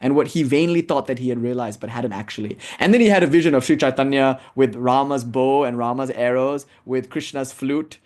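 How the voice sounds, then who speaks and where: A man giving a casual, animated spiritual lecture, telling stories and acting out what people say. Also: mid-range voice, brisk, few pauses. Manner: animated storytelling, casual, acts out quotes. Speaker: spiritual teacher.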